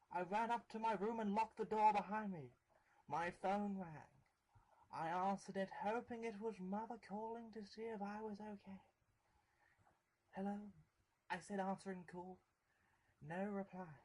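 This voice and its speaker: A storyteller reading a scripted first-person horror story aloud in a slow, deliberate way. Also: mid-range voice, rough recording.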